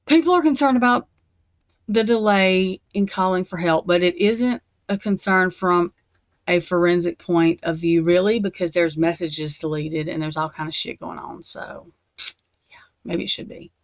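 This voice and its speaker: A woman's voice: lowish voice, level tone, moderate pace, no room sound. A woman at her desk at home, ranting angrily and swearing as she reacts to true crime documents. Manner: angry, profane ranting.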